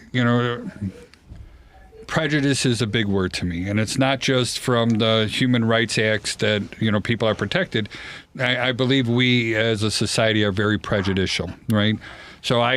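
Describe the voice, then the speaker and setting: A man's voice: medium pitch, steady tone, normal speed, a bit bright. A man hosting a podcast, chatty and self-deprecating, asking his guests questions with lots of "you know". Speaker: podcast host. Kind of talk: casual podcast conversation. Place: studio.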